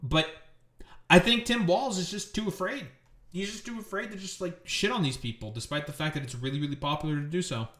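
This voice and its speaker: A man's voice: high-pitched, a little fast, a bit bright. A man hosting his stream with a political commentary rant. He talks in a profane, angry and sarcastic way. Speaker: streamer host. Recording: echoey room.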